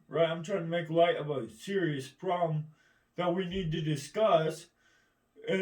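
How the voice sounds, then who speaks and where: Recorded in an echoey room with the mic placed far away, a man with a slightly high, darkish voice goes on a rambling, argumentative rant. He swears throughout and repeatedly asks "right?"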